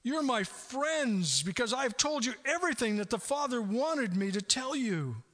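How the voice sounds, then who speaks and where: A middle-aged man preaching a sermon in an animated way, laughing often and acting out quoted voices. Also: very high voice, measured pace. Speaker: pastor.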